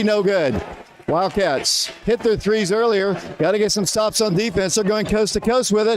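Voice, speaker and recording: A man calling a high school basketball game live on the radio, quick and winded, lifting his voice on big plays. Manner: rapid, rising excitement on big plays. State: out of breath. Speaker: radio play-by-play announcer.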